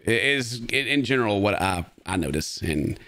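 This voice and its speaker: Animated, bright-voiced man riffing. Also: on the low side, normal speed, no echo. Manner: rambling, laughing, sarcastic asides. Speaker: host. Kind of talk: casual reaction commentary.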